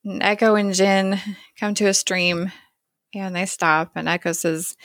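A woman's voice: medium pitch, fairly even intonation, unhurried, a bit bright, dry recording. A woman co-hosting a casual chat, retelling a TV episode scene by scene and quoting the characters in her own voice. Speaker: podcast co-host.

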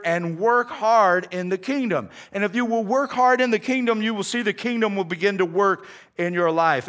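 Pastor, male, high-pitched, relaxed sermon delivery full of "man" and restarts. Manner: casual preaching, says "man" often, many restarts.

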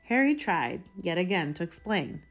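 A woman reads a novel aloud with a very low voice. She takes a measured, deliberate pace through the narration. Faint music sits behind her. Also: very animated. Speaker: reader.

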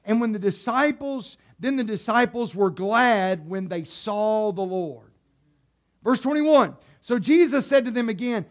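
A man preaching a sermon. He asks the congregation rhetorical questions and calls out to them directly, dropping into soft, low passages and then rising into loud exhortation. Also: expressive, unhurried. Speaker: pastor.

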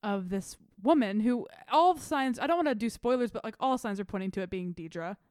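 A woman's voice: a little high, brisk, no echo. Chatty young woman, dry close sound. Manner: animated, chatty, swears casually. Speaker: podcast co-host. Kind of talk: casual chat recapping a TV episode.

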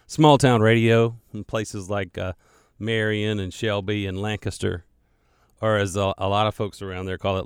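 A man's voice: lowish voice, clean tone, no echo. A man producing a radio show, chatting casually and digressing as he records a podcast alone in the studio. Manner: chatty, digressive, self-deprecating, repeats words. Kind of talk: rambling casual monologue. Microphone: studio microphone.

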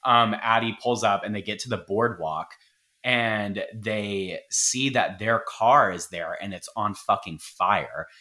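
Bright-voiced man recapping a film. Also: on the low side, slow pace. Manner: profane, animated retelling with quoted voices. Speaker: podcast co-host. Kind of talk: casual movie recap chat.

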